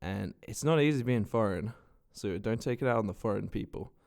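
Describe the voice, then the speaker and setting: Young Australian man, casual vlogger, stuffed-up nose, slightly low voice, loose and profane delivery. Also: a little fast, vocal fry. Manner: swears a lot, rambling and animated. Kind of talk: casual storytelling vlog.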